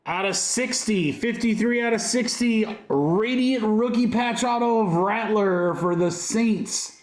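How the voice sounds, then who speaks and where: A man's voice: high-pitched, unhurried. A man hosting a livestream card break, calling out each card with upbeat, joking patter. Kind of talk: live card-break commentary. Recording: roomy echo.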